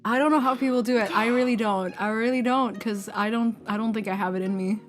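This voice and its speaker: A woman's voice: on the high side, fairly even intonation, fairly quick. A woman hosting a VTuber stream, telling stories animatedly in casual chat, breaking into laughs and voiced quotes.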